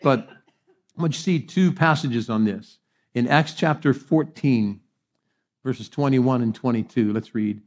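A middle-aged man preaching a sermon as pastor, telling humorous, self-deprecating stories and swinging between hushed and animated delivery. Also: mid-range voice, measured pace.

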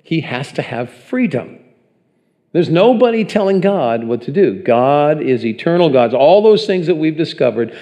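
A man's voice: a little high, a little mellow. A man preaching a sermon in a conversational way, often putting questions to the congregation. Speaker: pastor.

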